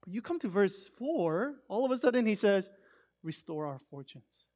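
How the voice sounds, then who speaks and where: A man giving a sermon in a conversational, emphatic way, swinging between loud stresses and hushed asides. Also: high-pitched, expressive, moderate pace. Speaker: pastor.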